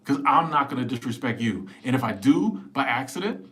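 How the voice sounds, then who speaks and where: A man in his forties hosting a casual live stream, answering viewers in an animated, emphatic, joking way on a small clip-on mic. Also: medium pitch, fairly quick, slight background noise. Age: 40s. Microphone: small wireless clip-on mic.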